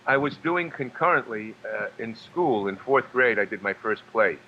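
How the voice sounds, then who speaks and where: A man from New York speaks at an ordinary pitch, telling stories haltingly and circling back with fillers and repeated words. His voice comes through slightly dull remote audio with a faint hum behind it. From New York, USA. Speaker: guest, actor and singer. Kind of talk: casual storytelling interview.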